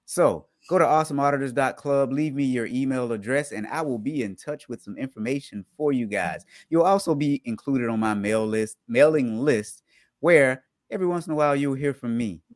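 Animated male podcast host, dry sound. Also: mid-range voice, moderate pace, no room sound. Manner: animated, jokey, reads news items aloud then explains them. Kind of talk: casual podcast chat.

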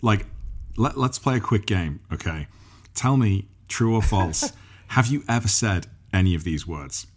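A man from Liverpool hosts a casual interview with a very deep voice. He talks in a chatty, enthusiastic way and laughs along. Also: lively intonation, unhurried, slightly rough. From England, Liverpool. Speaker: host, interviewer.

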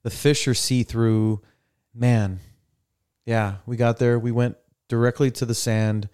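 With a clear, resonant medium-pitched voice and an unhurried pace, a young podcast host chats casually on a studio mic. He is an animated storyteller who acts out what the people in his stories said.

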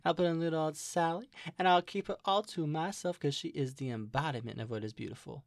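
A man doing a slow-drawling Southern barbarian lady. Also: a little high, vocal fry, dry recording. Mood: showy. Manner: showy, flamboyant.

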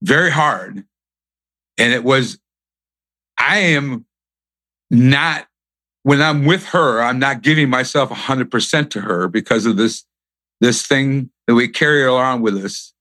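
A man's voice: medium pitch, sharp tone, no echo. A male interview host speaking earnestly and reflectively.

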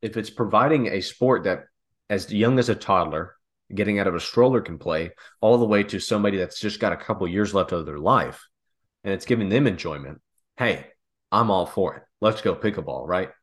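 A man rambles through a casual comedic chat. He drifts into long, joking hypotheticals and keeps them rolling without pause. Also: deep voice. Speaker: podcast co-host.

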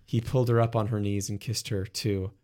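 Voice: mid-range voice, fairly even intonation, a little fast, darkish tone. A co-host giving a sarcastic, comedic dramatic reading. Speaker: podcast co-host reading fan fiction aloud.

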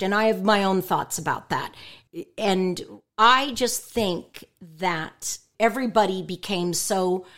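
An animated woman voice actress talks frankly in an interview, her pitch sitting in a plain middle range. She is emphatic and outspoken, leaning into words for effect and speaking her mind without softening it. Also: slow. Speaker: voice actress and stand-up comedian guest. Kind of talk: candid interview chat.

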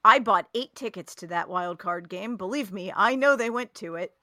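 A woman co-hosting a sports podcast, her voice bright and lively. She cuts in with short, dry jokes, and the sound is close and dry. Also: medium pitch, dry recording. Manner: quick wry interjections. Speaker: podcast co-host. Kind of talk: casual chat.

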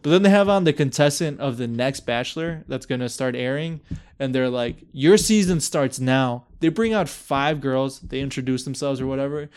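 Young man, podcast host, casual chat, animated storytelling, clean smooth voice. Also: mid-range voice, a little fast. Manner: animated storyteller, swears freely, acts out quotes.

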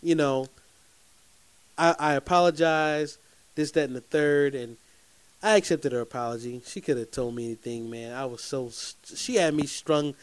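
A man telling a personal story to his viewers in an animated, emphatic way, often checking in with "okay?". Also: a little high, moderate pace, clean tone, dry recording.

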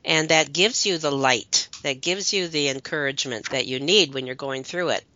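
A woman's voice: low-pitched, moderate pace, bright, forceful tone, no room sound, dull audio. A woman host in casual chat, affirming and reflecting on her guest's words.

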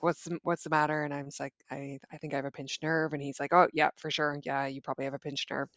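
A woman, a guest, tells her own story in a halting way, with many restarts and fillers. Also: sits low, no room sound. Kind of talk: personal storytelling.

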